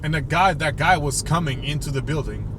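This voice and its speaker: A man's voice: a little high, a little fast, a bit bright, a little hiss or hum. A young man telling a rambling, profane, exasperated story on a comedy podcast. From Portugal. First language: Portuguese. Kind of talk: casual storytelling rant.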